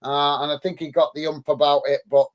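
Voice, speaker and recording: A man's voice: fairly high pitch, flat delivery, fairly quick. A man hosting a live football watch-along, calling the play and thanking chat viewers by name in an upbeat way, on a close mic. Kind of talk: live match commentary and chat reading. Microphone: close mic on a headset.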